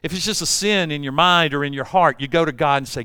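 A man's voice: a little high, quick pace, hardly any pauses, bright, forceful tone, smooth, no echo, studio quality. An older man preaching a sermon, telling folksy stories and acting out voices. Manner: folksy storytelling with acted-out voices. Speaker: pastor.

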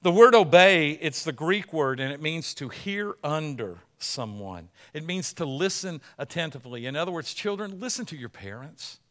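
A man pastor preaching a sermon in a church, animated and emphatic, often repeating himself and restarting phrases. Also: a little high, normal speed, hardly any pauses.

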